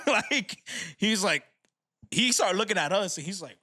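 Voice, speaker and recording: A young man tells a rowdy story on a podcast, slangy and animated, often breaking into laughter. His voice sits a little high for a man. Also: unhurried. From New York City. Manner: animated, laughing storyteller who acts out quotes. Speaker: podcast co-host. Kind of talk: casual storytelling.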